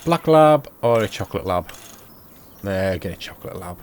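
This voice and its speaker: A man's voice: deep voice, expressive, moderate pace, a little mellow, slight background noise. A man giving casual commentary while playing a farming game, chatty and thinking aloud to himself. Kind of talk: casual let's-play commentary.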